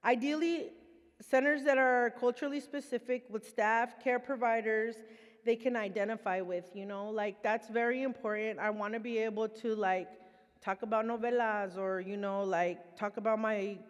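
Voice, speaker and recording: A woman's voice: fairly high pitch, steady tone, normal speed. Heartfelt woman speaking in a reverberant hall. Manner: loose and heartfelt, many fillers. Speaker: panel speaker, recovery program participant. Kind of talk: conversational presentation.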